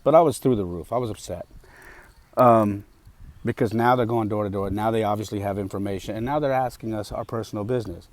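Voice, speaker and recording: Speaking briskly in a fairly low voice with no echo, a male podcast host delivers a casual story monologue. He's emphatic and heated, leaning on frequent fillers.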